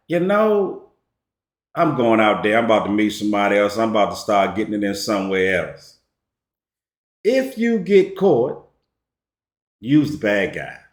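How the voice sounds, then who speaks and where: A man giving a casual storytelling monologue as a relationship commentator, slangy and emphatic. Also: medium pitch. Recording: echoey room.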